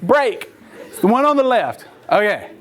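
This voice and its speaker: A man's voice: high voice, animated, fairly quick, heavy background noise. A man giving a sermon-style talk as a church speaker, acting out the people in his story and laughing often as he tells it.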